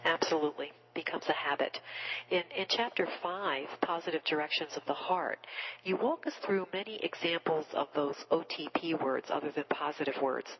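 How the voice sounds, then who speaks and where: A woman hosting a radio book show, asking measured, thoughtful questions. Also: deep voice, highs cut off, a little hiss or hum. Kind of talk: radio interview.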